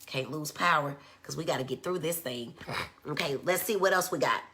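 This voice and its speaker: A woman giving a conversational live-streamed educational talk. She acts out quoted speech in a high voice. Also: brisk, sharp tone, a little hiss or hum. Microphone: phone.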